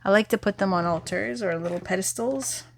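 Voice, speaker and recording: A woman's voice: medium pitch, a little fast, gravelly, slight background noise. A woman giving a tarot reading in a chatty, candid way, saying she is losing her voice. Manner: chatty, candid, lively asides. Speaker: tarot reader. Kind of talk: tarot reading and guided affirmation.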